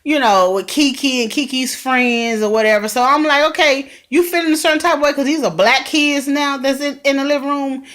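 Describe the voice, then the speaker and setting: A woman vlogger chatting excitedly as she recaps a TV drama, talking straight to her viewers. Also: high voice, fairly quick, hardly any pauses. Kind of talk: casual TV recap vlog.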